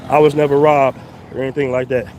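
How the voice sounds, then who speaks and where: A man's voice: mid-range voice, flat delivery, fast, a little mellow. A man live-streaming a casual vlog while walking uphill outdoors, out of breath and huffing as he talks. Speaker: travel vlogger. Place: outdoors on city streets. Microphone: phone mic, no headphones. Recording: wind and street noise. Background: traffic and street ambience.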